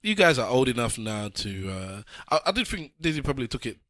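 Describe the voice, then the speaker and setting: Podcast co-host, man, fast teasing banter, lively pitch. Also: dry recording, studio quality. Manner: quick banter, teasing interjections. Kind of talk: casual chat.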